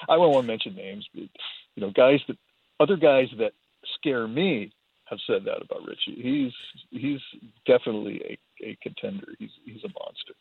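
Guitarist on a tinny phone line. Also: male voice, mid-range voice, very animated, moderate pace, gravelly, breathy edge. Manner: rambling, self-deprecating, repeats words. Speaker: guitarist guest. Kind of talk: casual phone interview.

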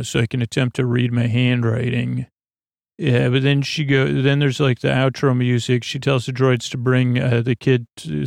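A man with a gravelly, fry-laden voice recaps a TV episode in a rambling, deadpan way, tripping over restarts and fillers. He keeps his pitch flat and close to the mic in a dry, dead room. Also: dry recording. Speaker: podcast host recapping an episode.

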